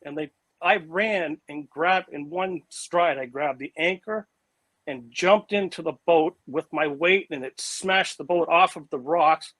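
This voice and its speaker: An interview guest, a man with a slightly high voice, tells a casual story about an encounter in an animated, vivid way, leaning heavily on "like" and "you know" and often restarting. He speaks unhurriedly, and the recording is rough but has no echo.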